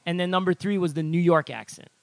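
A man's voice: sits high, fairly even intonation, quick pace, creaky, no room sound. A man from Hawaii, co-hosting and reading news items in casual banter. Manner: reads items then asks questions.

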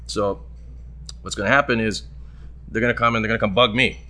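A man hosting a show, telling a long anecdote in casual chat and acting out the people in it. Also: fairly quick. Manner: animated, acts out quoted voices with big jumps in pitch. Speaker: radio show host.

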